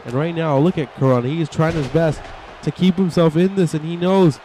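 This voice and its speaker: Excitable man calling wrestling play-by-play. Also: fairly high pitch, slight background noise. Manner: excitable, often voicing wrestlers' thoughts in quick asides. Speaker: gameplay commentator. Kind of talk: play-by-play wrestling game commentary.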